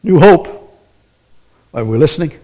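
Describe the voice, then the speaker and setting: Animated preaching man. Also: a little high, moderate pace. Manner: animated preaching, acts out quoted voices, asks the congregation questions. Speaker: pastor. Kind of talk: sermon.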